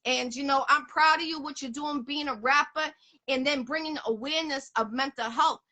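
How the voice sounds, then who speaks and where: A woman's voice: high voice, moderate pace, sharp tone. A woman from the area, hosting an interview in blunt, profane, emphatic casual talk. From Boston area, USA. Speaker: interview host.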